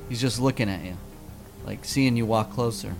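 A man running a tabletop game as game master, describing scenes in a relaxed, descriptive way. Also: on the low side, moderate pace, gravelly, faint music behind. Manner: descriptive, laughing easily.

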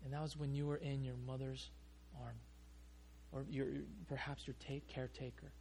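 A male pastor preaching a sermon, telling a story in an animated way and often restarting his sentences. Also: medium pitch, moderate pace, slight background noise.

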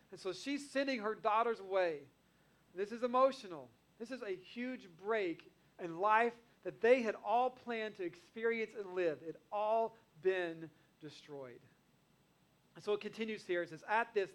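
A man's voice: sits high, a bit bright. A man preaching a sermon, reading scripture aloud and retelling it in earnest, conversational everyday language. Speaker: pastor.

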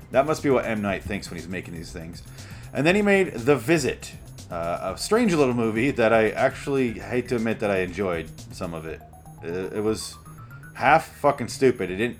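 Profane, ranting man with a low voice. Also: lively intonation, normal speed, faint music behind. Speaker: author reading and commenting on his book. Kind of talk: casual profane monologue. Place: at home.

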